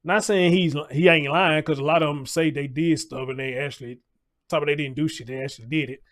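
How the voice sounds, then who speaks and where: A man hosting a livestream, talking loosely in casual commentary, repeating his points and greeting viewers in the chat. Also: fairly high pitch.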